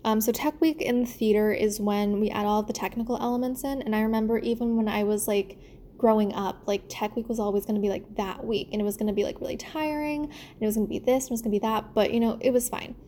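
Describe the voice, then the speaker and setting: Mellow-voiced young woman, rambling. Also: fairly high pitch, steady tone, fast talker, slight background noise. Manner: rambling, many fillers and restarts. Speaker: theater performer. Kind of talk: casual reflective monologue.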